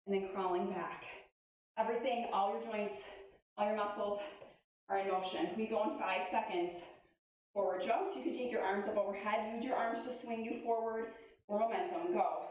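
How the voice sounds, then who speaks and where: Out-of-breath woman workout coach, upbeat cueing, distant in a boomy room. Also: a little mellow, very echoey. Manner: encouraging, cueing moves between breaths. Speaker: fitness instructor. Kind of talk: workout instruction while exercising.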